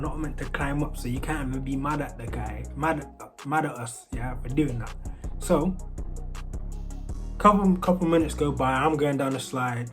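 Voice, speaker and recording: A man with a British accent that keeps some American traces, casually telling a story. He rambles and restarts often, with many fillers. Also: fairly high pitch. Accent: British English with American traces. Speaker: storyteller vlogger.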